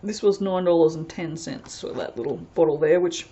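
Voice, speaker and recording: A woman's voice: on the low side, normal speed, warm tone, highs cut off. A woman chatting casually as she reviews soap fragrances, rambling and reading product blurbs aloud. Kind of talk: casual unboxing chat.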